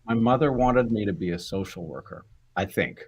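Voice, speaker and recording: An older actor being interviewed, chatting in a rambling, self-deprecating way. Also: male voice, on the low side, animated, normal speed, breathy edge. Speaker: guest actor. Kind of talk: casual interview chat.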